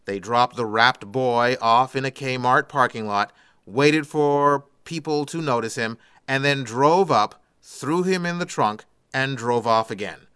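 A man's voice: medium pitch, measured pace, a bit bright, clean tone, no room sound. A man hosting a radio show, reading strange news stories and adding sarcastic asides in a studio. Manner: sarcastic asides after each story. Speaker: radio host. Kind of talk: reading odd news with commentary.

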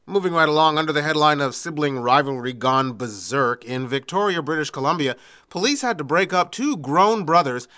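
A man hosting a comedy news roundup podcast, reading odd stories and dropping wry deadpan asides. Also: a little high, brisk. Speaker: podcast host.

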